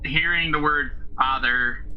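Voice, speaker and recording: A man's voice: a little high, steady tone, a little slow, a little hiss or hum. A man playing a tabletop game, thinking aloud and asking questions with many fillers. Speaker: player. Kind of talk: casual tabletop game play. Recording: dull lo-fi audio.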